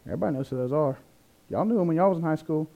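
A man preaching a sermon, animated, acting out quoted voices with big swings in pitch and loudness. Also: racing, creaky, phone-quality sound. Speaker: pastor.

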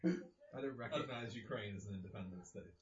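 A man in a casual movie commentary chat, cracking dry deadpan jokes. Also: on the low side, a little fast, reverberant, highs cut off, very noisy. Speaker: co-host watching a film.

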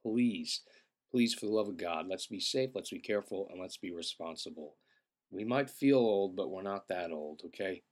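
A young man who feels sick, telling a rambling, profane comedic story and often clearing his throat. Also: low voice, lively intonation, moderate pace, darkish tone. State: feeling sick. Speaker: podcast host.

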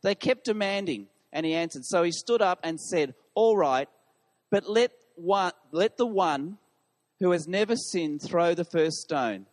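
In a church hall with the long reverb of a large space, a pastor preaches a sermon and puts questions to his congregation. His voice is high and animated, his delivery a little slow.

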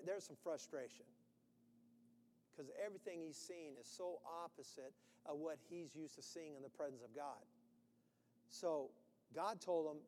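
Animated male preacher in a reverberant hall. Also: on the high side, slight background noise. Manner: animated, acting out quotes with sudden loud bursts. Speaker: pastor. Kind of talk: sermon.

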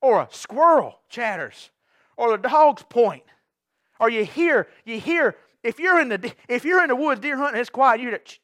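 Preacher guy, kinda high voice, gets loud then drops quiet, telling stories to his church. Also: moderate pace, dry recording, clean studio sound. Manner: animated storytelling, swings from quiet to shouting. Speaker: pastor. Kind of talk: sermon.

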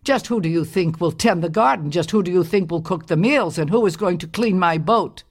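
A woman's voice: on the low side, brisk, husky. A woman voicing a grumpy, bossy old husband who bellows and scolds. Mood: angry.

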